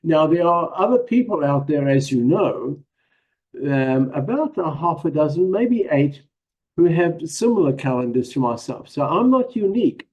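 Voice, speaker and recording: A man's voice: fairly high pitch, very animated, moderate pace, darkish tone, lo-fi sound. A man with a South African accent, giving a casual presentation as a guest, modest and hesitant, with many ums and small laughs.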